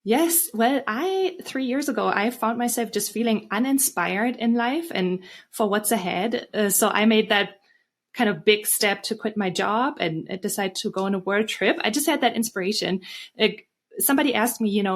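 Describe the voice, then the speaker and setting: A woman's voice: medium pitch, normal speed. A woman as a guest author in a casual interview, talking in an earnest, reflective way with fillers and restarts.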